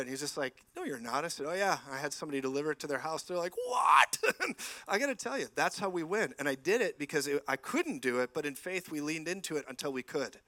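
A man's voice: on the high side, fairly bright tone, dry recording. A man preaching a sermon in church, telling stories animatedly and acting out the dialogue.

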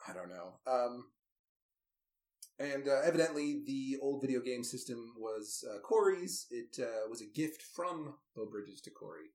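A man's voice: mid-range voice, animated, a little slow, darkish tone. A man casually recapping a movie with a co-host, wry and amused, with lots of asides. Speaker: podcast co-host. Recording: roomy echoey room.

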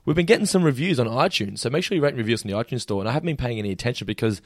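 An Australian man co-hosting a podcast in casual chat, chatty and quick to correct himself. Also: medium pitch, expressive, no echo, clean studio sound. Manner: chatty, laughs often, self-correcting. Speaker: podcast co-host.

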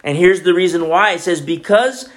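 Man, pastor, casual sermon, joking, chatty, fillers and restarts, slightly high voice, small home church room. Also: normal speed. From Peru.

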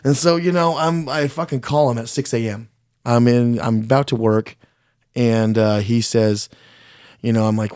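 A blunt, foul-mouthed man spins a personal story in a loose, conversational way, stumbling and restarting as he goes. His voice sits at an ordinary mid pitch. The sound is close and dry, with no room around it. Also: fairly even intonation, normal speed, darkish tone, dry recording. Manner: blunt, profane, self-deprecating, restarts often; speaks his mind plainly. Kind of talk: casual spoken storytelling.

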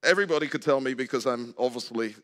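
An older man's sermon in a church sanctuary is conversational, full of questions and jokes aimed at the congregation. He has a medium-pitched, fairly bright voice and speaks fast, and the recording has long hall reverb.

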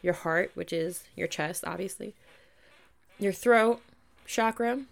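A woman's voice: mid-range voice, takes it slowly, vocal fry. A young woman hosting a podcast, telling a story in a casual, chatty way, full of "like" and mild swearing. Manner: chatty, swears freely, lots of "like". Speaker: podcast host.

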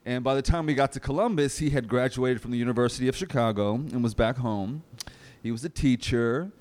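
A man reading first-person testimony aloud at a live reading, reflective and gentle. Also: mid-range voice, brisk. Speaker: reader at a live oral-history reading.

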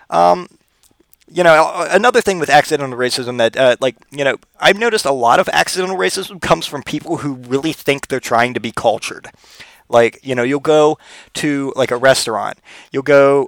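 A man's voice: a little high, normal speed, a bit bright, no echo. Rambling, profane male podcast comic. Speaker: podcast host. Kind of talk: comedic podcast monologue.

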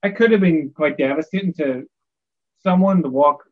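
A man's voice: a little high, normal speed, narrow, tinny audio. A man hosting a casual chat, telling bar stories with wry, amused disbelief.

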